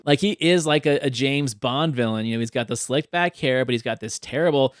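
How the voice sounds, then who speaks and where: A man's voice: mid-range voice, fairly quick, dry recording. Laughing podcast host man, dry sound. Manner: laughs often, animated, many fillers. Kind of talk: casual film discussion.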